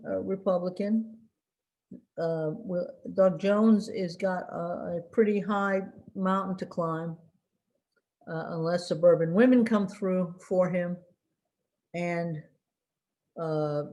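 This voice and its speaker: A woman working as a political commentator gives an unscripted election briefing in a lowish voice. She halts often with fillers while recalling names and drops dry, wry asides.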